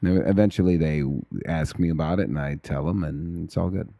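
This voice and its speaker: A man's voice: low-pitched, fairly even intonation, fairly quick, gravelly, dark tone, dry recording. A man chatting casually as a podcast guest, loose and self-mocking with frequent chuckles. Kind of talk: casual chat.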